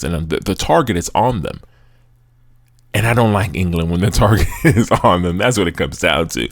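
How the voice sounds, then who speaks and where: A man's voice: fairly low pitch, no room sound, studio quality. A man hosting a sports podcast, giving chatty, opinionated commentary with frequent asides to his listeners. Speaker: podcast host.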